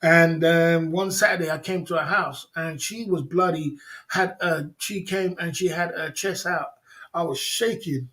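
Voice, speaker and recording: Hosting a casual livestream, a man speaks at normal speed in a high-sitting, slightly bright voice. He spins one long, rambling story, repeats himself, chuckles a lot, and addresses the chat directly.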